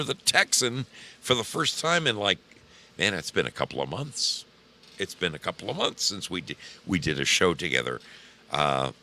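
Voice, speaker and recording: Tired guy streamer, deep bright voice, drawls and cusses chatting w his viewers. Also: a little hiss or hum. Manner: drawling, profane, talks to chat by name. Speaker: livestream host. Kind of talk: casual livestream chat.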